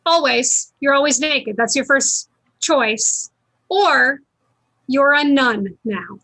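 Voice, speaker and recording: A woman's voice: high-pitched, expressive, slow pace, pushed and bright, no room sound. A woman hosting a party game for her improv group, patiently explaining and repeating the rules.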